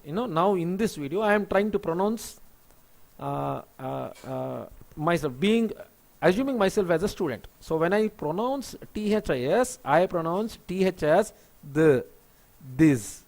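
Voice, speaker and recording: Teacher, male, native Telugu speaker, high voice, spells words out and explains patiently. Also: expressive, moderate pace, gravelly, a little mellow. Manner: many fillers and restarts. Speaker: English teacher. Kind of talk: spoken English lesson.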